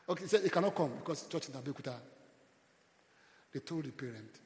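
Nigerian pastor preaching in an echoey hall. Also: male voice, on the high side, animated, fast talker, pauses often. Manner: preaching with call-and-response, loud swells. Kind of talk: sermon.

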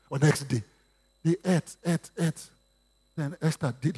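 A Nigerian man preaching a sermon in a high, lively voice. His tone has a husky, gravelly grain, and he swings widely in pitch as he acts out what others say. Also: normal speed. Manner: lively preaching with Yoruba asides and acted quotes. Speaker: pastor.

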